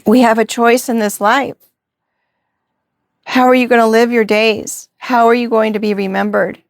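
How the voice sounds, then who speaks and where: A woman's voice: a little high, flat delivery, moderate pace, gravelly, dry recording, clean studio sound. A woman giving a reflective spiritual reading to camera, posing rhetorical questions. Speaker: tarot reader.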